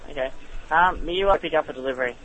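A man's voice: fairly high pitch, racing, fairly bright tone, low-quality recording. Guy on the pizza shop phone, patient, lots of uhs, a little hiss. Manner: patient, hesitant. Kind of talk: phone customer service. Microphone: phone line.

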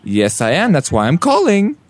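A man's voice: on the high side, huge pitch swings, moderate pace, pitched below the performer's own voice. A man playing a prank caller with a put-on British accent, mocking and theatrical, swearing now and then.

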